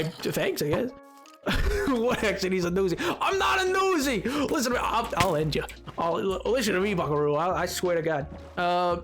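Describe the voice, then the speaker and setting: A man's voice: high-pitched, a bit bright. A man streaming a game live, chatting casually with his viewers in a rambling way and laughing often.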